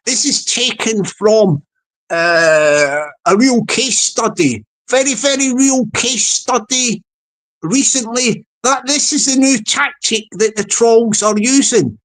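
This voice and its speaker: A man's voice: very high-pitched, lively intonation, slow, a bit bright. A man vlogging comic commentary, rambling along with many stammered restarts.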